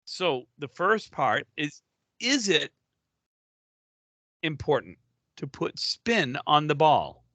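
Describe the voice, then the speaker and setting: A man's voice: fairly high pitch, sing-song, takes it slowly, long pauses, bright, forceful tone, dry recording. A man co-hosting a podcast, bantering casually in an exasperated, joking way. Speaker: podcast co-host.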